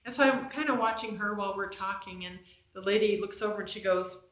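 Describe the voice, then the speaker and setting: A woman's voice: mid-range voice, a little fast, a bit bright. Jersey-raised woman telling a faith story, chatty, lots of fillers, roomy echo. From New Jersey. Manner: conversational, chatty with fillers and restarts. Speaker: storyteller on her own channel. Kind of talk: personal faith testimony.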